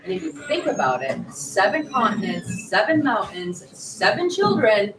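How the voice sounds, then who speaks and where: Woman, 40s, author guest at a live event; lively, acts out quotes; mic a bit far, roomy echo, faint hiss. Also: medium pitch, normal speed. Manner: lively, animated storyteller acting out quotes. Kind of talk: storytelling at a live book event. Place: bookshop event space.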